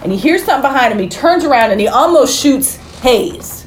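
A woman's voice: a little high, expressive, a little fast. A woman hosting a podcast, retelling a movie plot in casual chat with some swearing. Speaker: podcast host. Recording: echoey room with faint noise.

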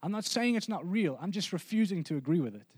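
A man's voice: sits high, lively intonation, fast talker, darkish tone, slightly rough, no echo. A man preaching a sermon as pastor, earnest and conversational, often restarting his sentences.

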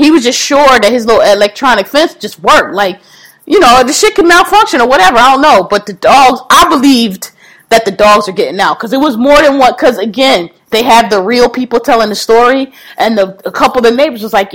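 A woman's voice: on the high side, animated, brisk. A woman in casual chat, retelling a story with laughter, slang and acted-out quotes.

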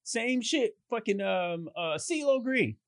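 A man telling stories in casual chat, animated and swearing, jumping into high voices when quoting people. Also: slow, dry recording, studio quality. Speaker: podcast guest telling stories.

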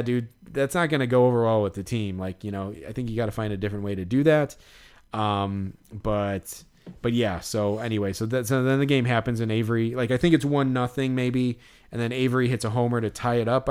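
A man's voice: mid-range voice, steady tone, fairly quick, darkish tone, smooth. Rambling casual man, heavy on fillers. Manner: rambling, lots of fillers and "like", acts out quotes. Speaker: podcast co-host recapping a show. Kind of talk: casual chat.

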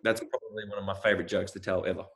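A young Australian-born man with a lowish voice rattles through jokes at a brisk clip. He chats casually as a comedian, voicing the characters in his stories. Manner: quick, animated joke-telling with voiced characters. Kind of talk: casual chat, telling jokes.

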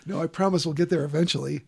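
A man hosting a casual movie podcast, quick with quips and laughing often. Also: fairly high pitch, gravelly, slightly rough. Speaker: podcast host who edits the show. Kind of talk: casual chat about movies.

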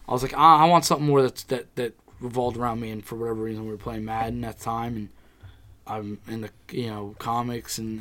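A man's voice: medium pitch, fairly bright tone. Een man in casual gesprek die met veel gevloek brutaal zijn verhalen vertelt. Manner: brash storyteller, swears freely. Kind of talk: casual chat.

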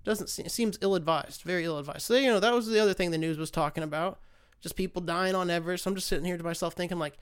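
American guy on his solo podcast, clean smooth voice, swears a ton and rambles. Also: high voice. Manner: profane, rambling, quick to get fired up. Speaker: podcast host. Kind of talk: casual solo rant.

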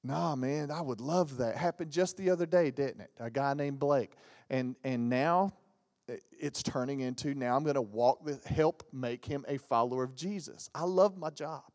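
A man's voice: mid-range voice, normal speed, in a large hall. A man, preaching as a guest pastor and telling funny stories with put-on voices. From Southern United States. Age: 40s. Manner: animated storytelling with jokes and mimicked voices. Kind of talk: lively sermon with stories. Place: church sanctuary.

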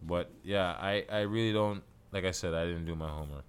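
Laid-back man with a smooth voice. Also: sits low, a little fast. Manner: laid-back, slangy, often says "yo". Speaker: co-host. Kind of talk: casual podcast chat.

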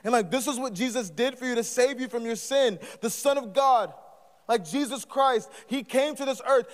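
A man preaching live from the stage, his voice sitting high for a man. He talks in a passionate, emphatic preacher's way that swells into urgent pleading calls. A long hall reverb trails every phrase. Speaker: guest preacher. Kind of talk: live sermon. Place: church or student ministry hall.

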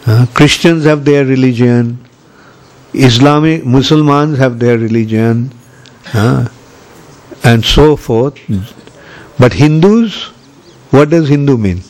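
An older man giving a scripture lecture, measured and pausing often with fillers. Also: mid-range voice, darkish tone. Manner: slow, measured, many pauses and fillers. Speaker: spiritual teacher. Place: Ujjain, India.

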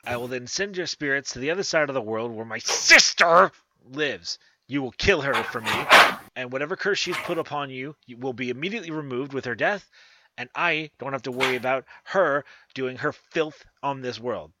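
A man's voice: medium pitch, expressive, normal speed, heavy background noise, voice pushed up, lightly acted. A man voicing a cunning old witch woman who is fussy, cordial and scheming, repeating her words and slipping in crude outbursts.

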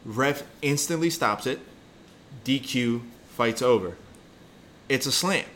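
A man's voice: medium pitch, expressive, slow pace, fairly bright tone, a little hiss or hum. Blunt, profane man arguing his point. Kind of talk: casual heated chat.

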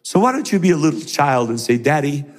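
A man's voice: fairly high pitch, fast talker, long reverb tail. A middle-aged man preaching a sermon who acts out the voices of the people in his stories. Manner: animated, acts out voices in quotes.

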